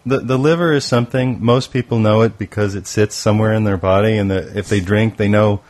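A man's voice: fairly low pitch, fairly even intonation, a little fast, a little mellow. A man filling in as co-host on a radio talk show, joking and playful in casual banter. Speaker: guest co-host.

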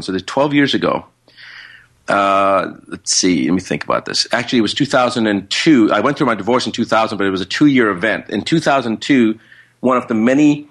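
A man, a guest on an interview show, telling a story in a casual, animated way. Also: lowish voice, husky. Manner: animated, acts out quoted speech.

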